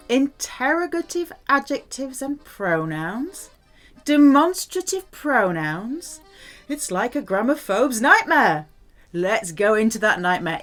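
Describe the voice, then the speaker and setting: Playful woman teaching French grammar. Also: medium pitch. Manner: playful, animated, spells words and repeats French examples slowly. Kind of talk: grammar lesson.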